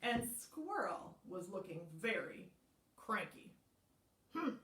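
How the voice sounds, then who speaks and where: A woman librarian leading a children's storytime, slow, animated and encouraging. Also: medium pitch. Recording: roomy sound, mic at a distance.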